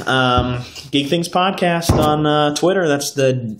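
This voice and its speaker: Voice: medium pitch, slow. A podcast host recapping a TV episode in a rambling, profane way, often drifting off into tangents and talking straight to the camera.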